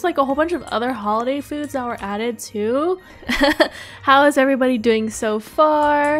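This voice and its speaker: A woman hosting a family game roleplay, giggly and excitable, with squealing laughs and shouts. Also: fairly high pitch. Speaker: roleplay host playing the mother.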